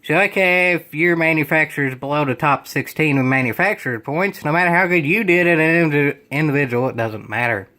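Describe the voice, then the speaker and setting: A man's voice: on the high side, brisk, few pauses, bright, forceful tone. A young man reading a web page aloud and commenting on it in a sarcastic, exasperated, rambling way. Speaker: gaming video creator.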